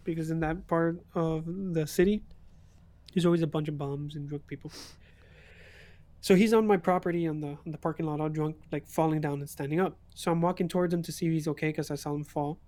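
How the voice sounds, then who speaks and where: Young guy streamer, slightly higher voice, lively storyteller, laughs a lot. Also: fairly quick, dry recording. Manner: animated storyteller, laughs often. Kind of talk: casual chat.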